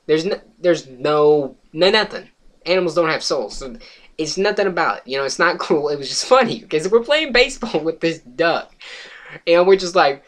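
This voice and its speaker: A man's voice: on the high side, normal speed. A young man telling a rambling comic story to camera. He swears freely and laughs while telling it. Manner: swears freely, laughs while telling, gets loud and excited at the funny parts. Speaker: vlogger.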